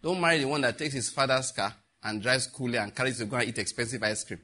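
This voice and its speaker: His voice is mid-range and quick as this middle-aged man from Nigeria animatedly spins humorous tales. He laughs frequently and offers the young people listening advice in preachy asides.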